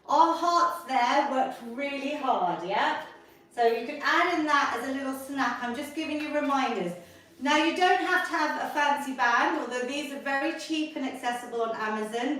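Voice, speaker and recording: A middle-aged woman leads a live online workout class for seniors as a fitness instructor, upbeat and encouraging while counting down reps. Her voice is high-pitched and fairly bright, but it sounds far off in a very echoey room.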